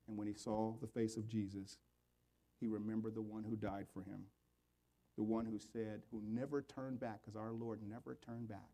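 Gravelly, earnest male pastor. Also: fairly low pitch, little pitch movement, normal speed, dark tone. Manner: earnest, pleading, voice rising and falling. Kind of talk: sermon with altar call and prayer.

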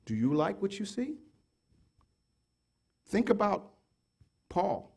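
This preacher speaks in a sing-song, slightly rough voice and takes his time. In his sermon he keeps throwing rhetorical questions at the congregation, moving from loud urging down to low murmured asides.

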